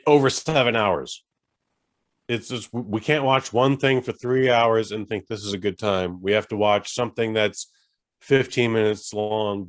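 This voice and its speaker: A man's voice: lowish voice, dry recording, studio quality. Rambling, swearing man in his forties. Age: 40s. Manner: rambling, swearing, self-interrupting. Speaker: podcast co-host. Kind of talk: casual chat.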